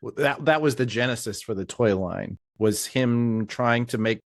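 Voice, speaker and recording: A man's voice: medium pitch, normal speed, no room sound, studio quality. A man hosting a podcast interview, eagerly asking questions and chiming in with short affirmations. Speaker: podcast host. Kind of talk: conversational interviewing.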